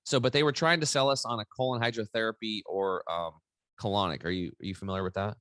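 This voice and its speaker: This man in his forties is a podcast guest recounting a personal story with plenty of energy and animation in a casual interview. His voice is lowish and steady in tone, fast and a bit bright. The recording is dry.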